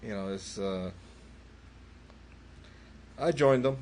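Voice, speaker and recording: A man who is a paranormal investigator tells a story in a relaxed, easygoing way as a guest in a studio interview. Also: mid-range voice, slow pace, a little hiss or hum. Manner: relaxed, drawling, quotes friends in conversation. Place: radio studio.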